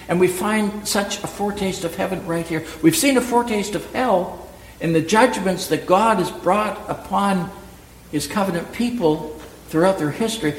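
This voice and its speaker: A man's voice: high-pitched, slight background noise. A man preaching a sermon as pastor, emphatic, asking rhetorical questions and repeating key words. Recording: echoey hall with long reverb, faint ambience.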